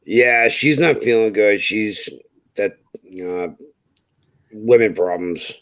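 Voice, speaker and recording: A man's voice: lowish voice, takes it slowly, a bit bright, no room sound, low-quality recording. A man hosting a casual homestead chat, telling stories in a laid-back way and swearing freely. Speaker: homestead channel host.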